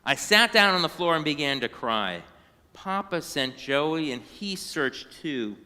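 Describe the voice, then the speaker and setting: A man reading a children's storybook aloud in a synagogue, animated and now and then singing short phrases. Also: a little high, unhurried, smooth, big-room sound. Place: synagogue sanctuary.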